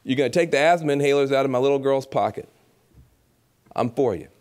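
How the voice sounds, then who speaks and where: A man giving a lively public speech at a gala, animated and preacherly, acting out voices and repeating phrases for emphasis. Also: medium pitch, brisk, clear, resonant tone. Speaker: keynote speaker at an awards gala.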